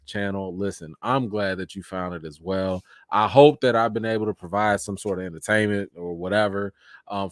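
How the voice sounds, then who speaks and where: On a casual livestream, a man with a fairly low voice reads viewer comments aloud and thanks each person one by one. He's animated, laughing often with big rises in his voice, and the recording is dry and studio-clean.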